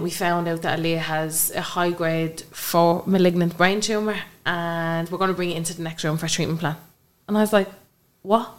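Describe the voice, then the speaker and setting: Low-voiced young woman telling her story. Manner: earnest, acts out remembered dialogue. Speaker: guest. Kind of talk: personal storytelling in a podcast interview.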